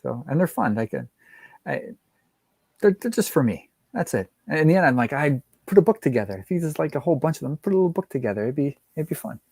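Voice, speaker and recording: A man's voice: a little high, sing-song, fast, creaky, darkish tone, breathy edge, no room sound. A man in casual chat as a guest, rambling with frequent laughs and restarts, over a video call. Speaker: guest comic art collector.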